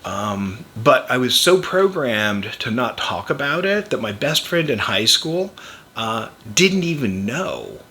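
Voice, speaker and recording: A man's voice: mid-range voice, big pitch swings, slow, pushed and bright. An older man, a podcast host and chiropractor, telling a personal story in a rambling, anecdotal way with wry chuckles.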